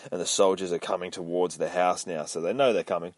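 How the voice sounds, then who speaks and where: A man's voice: low-pitched, steady tone, brisk, dry recording. A man hosting a podcast, recapping a comic book in a profane, rambling, self-mocking way. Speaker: podcast host.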